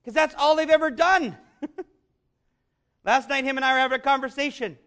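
A man preaching a sermon, earnest and conversational, rising to shouts on key lines. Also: very high-pitched, normal speed. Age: adult, father of young children. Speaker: pastor.

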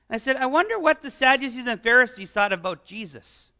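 Guy preaching a sermon, real high bright voice, lots of rhetorical questions and little laughs. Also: lively intonation, quick pace. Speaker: pastor.

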